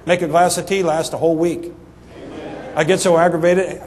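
A middle-aged man preaching a sermon, telling a humorous story in an animated, folksy way that swings between loud punchlines and soft asides. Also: a little high, normal speed. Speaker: pastor. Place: church sanctuary. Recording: reverberant church hall, faint ambience.

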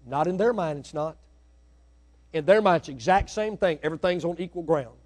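Fiery preacher, high voice. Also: male voice, animated, a little fast. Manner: swings from hushed asides to shouted, rising exhortation. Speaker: pastor. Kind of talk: sermon. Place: church sanctuary.

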